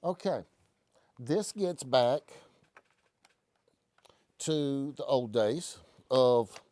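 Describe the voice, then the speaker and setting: A man's voice: medium pitch, expressive, drawn-out words, dark tone, no room sound. A man hosting a casual live stream from a gun shop, telling stories in a folksy, joking way. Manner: folksy, joking, rambling explanations. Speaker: host.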